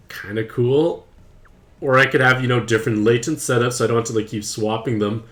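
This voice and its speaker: A young man chatting playfully to his viewers while streaming a mobile game, with excited outbursts. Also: mid-range voice, moderate pace, pauses often. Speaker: gaming streamer. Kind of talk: casual game commentary to live chat.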